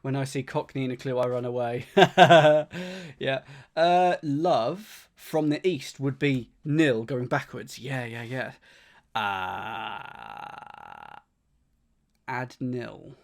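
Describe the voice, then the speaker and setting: A man's voice: medium pitch, very animated, takes it slowly, gravelly. A man streaming himself solving a crossword, thinking aloud, repeating clues under his breath and thanking viewers by name.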